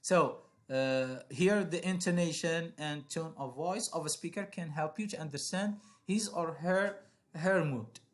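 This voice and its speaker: A man's voice: fairly high pitch, unhurried. A man teaching an online English lesson, explaining exercises with many hesitations and filler sounds.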